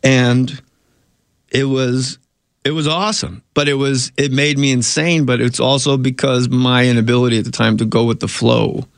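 A man's voice: medium pitch, steady tone, moderate pace, vocal fry, dry recording, studio quality. A man, a comedian and actor, telling rambling anecdotes in a casual interview, often cutting himself off.

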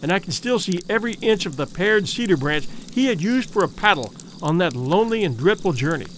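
High, lively male storybook narrator. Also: a little hiss or hum. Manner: measured, vivid, dramatic reading. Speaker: audiobook narrator.

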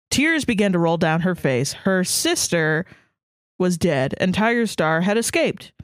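Woman co-host reading silly fan fiction aloud, slow and theatrical, dead-dry close mic. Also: lowish voice, sing-song, no room sound. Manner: dramatic read-aloud, giggling, slow and deliberate. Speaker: podcast co-host.

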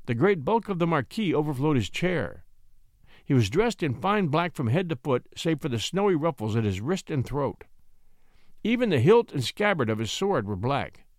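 A man narrating a classic short story in an expressive, scripted reading voice. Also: a little high, dry recording, clean studio sound. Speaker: audiobook narrator.

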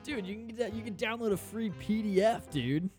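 A man's voice: high-pitched, a little fast, darkish tone, faint music behind. A man hosting a comedy podcast, rambling crudely through casual banter and laughing often. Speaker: podcast host.

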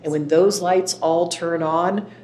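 A woman guest on a podcast, answering in an earnest, reflective and measured way. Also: fairly even intonation, dark tone. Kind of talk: interview answers. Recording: roomy with faint rumble.

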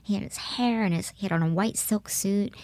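A middle-aged woman recounting a memory as an interview guest, animated and full of laughter. She acts out the other people in her story. Her voice sits at an ordinary pitch in a dry, close recording. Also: fairly quick, no echo. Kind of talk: casual anecdote telling.

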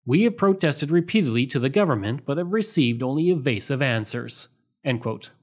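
Man narrating history in measured tones. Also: medium pitch, expressive, a little mellow. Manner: measured, reads sources aloud marked with quote and end quote. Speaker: history podcast host.

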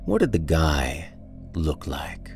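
A man voicing a smirking tough cop in a horror story, talking in a low, slow, threatening way. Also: huge pitch swings, darkish tone, faint music behind, heavily acted. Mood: menacing. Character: smirking tough male cop, quietly menacing.

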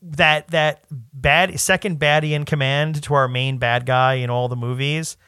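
A man co-hosting a podcast in casual chat, rambling and restarting his sentences, often breaking into animated quoted asides. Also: on the high side, a little slow, clear, resonant tone, no echo, clean studio sound. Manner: rambling, self-interrupting, animated quoting. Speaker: podcast co-host.

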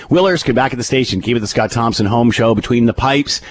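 A man hosting a radio talk show, speaking in a relaxed way with fillers and restarts. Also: mid-range voice, fast, hardly any pauses, a little hiss or hum.

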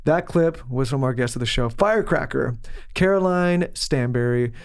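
A man co-hosting a podcast, reading ads and trading jokes in fast casual banter. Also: medium pitch, animated, smooth. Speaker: podcast co-host. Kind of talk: casual chat and read ads.

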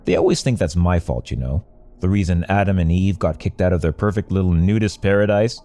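A man's voice: deep voice, lively intonation, a little fast, warm tone. A man voicing a drunk, smirking young woman who claims to be the devil, speaking in an amiable, sly, mocking way. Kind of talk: storytelling narration.

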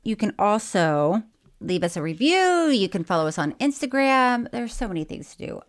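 This podcast co-host speaks at a normal speed in a mid-range, sing-song voice during casual chat. Laughing frequently, she reads out listener mail and gives unusual words quirky emphasis.

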